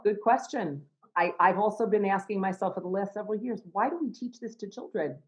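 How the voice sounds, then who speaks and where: A middle-aged woman, an educator and chaplain, speaking reflectively in an interview, with many restarts and soft laughs. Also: mid-range voice, brisk, dull audio.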